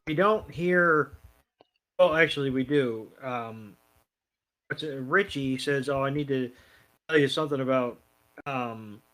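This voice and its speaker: A man's voice: mid-range voice, unhurried, long pauses, a bit bright. A man co-hosting a podcast, casually retelling a cartoon's plot with quoted lines and fillers. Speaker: podcast co-host. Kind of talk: casual chat recapping an episode.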